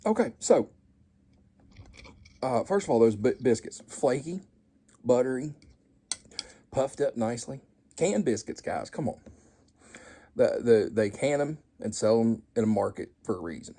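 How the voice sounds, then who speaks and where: Brief: male cooking vlogger, folksy and self-deprecating, husky voice with a lively, swooping delivery. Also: mid-range voice, unhurried, pauses often. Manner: folksy, self-deprecating, joking asides to viewers. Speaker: home cooking show host. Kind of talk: casual cooking vlog, tasting and chatting.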